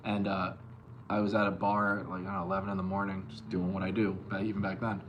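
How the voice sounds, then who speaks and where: Laid-back man chatting on a bass stream. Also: little pitch movement, fast talker, highs cut off, a little hiss or hum. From Long Island, New York. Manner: loose and profane, reads chat aloud and answers. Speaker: bass player streaming live. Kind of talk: casual live-stream chat with viewers.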